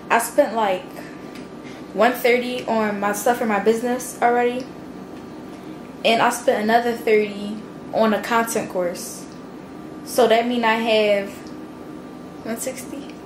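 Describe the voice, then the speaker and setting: Young woman vlogger, chatty and slangy with loose cursing, voice a touch high, faint background ambience. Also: background noise. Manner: chatty, slangy, curses freely. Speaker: vlogger and small business owner. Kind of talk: casual vlog chat.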